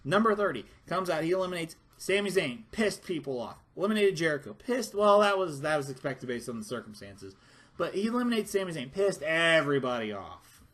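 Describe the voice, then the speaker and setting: A man's voice: on the high side, big pitch swings, a little fast, fairly bright tone. A man ranting through a casual wrestling review, heated and profane, rambling with restarts.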